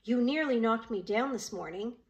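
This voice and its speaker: A woman's voice: fairly high pitch, moderate pace, a little mellow, lo-fi sound, lightly acted. A woman voicing a tall, tough schoolgirl who speaks snidely and threateningly.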